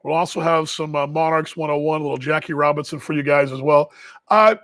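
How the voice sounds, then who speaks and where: A man with a fairly high voice chats casually on a live stream, rambling between viewer comments with an easy, self-deprecating humor. He is from Texas and talks as a team broadcaster at a ballpark. The sound is dry and close, with little room around it. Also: steady tone, a little fast, a bit bright, dry recording.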